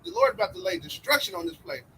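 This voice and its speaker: A man reading scripture aloud slowly and deliberately, with hesitations, then preaching on it. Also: high voice, huge pitch swings, pushed and bright, slight background noise, poor audio. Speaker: scripture reader.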